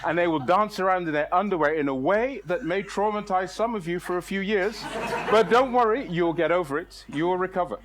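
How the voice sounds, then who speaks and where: A middle-aged man spins a comic tale on stage with a somewhat high voice. He talks in an animated, exaggerated way, laughing through his own lines as he goes. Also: a little fast, noisy background. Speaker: storyteller. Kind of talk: comic live storytelling. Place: storytelling stage.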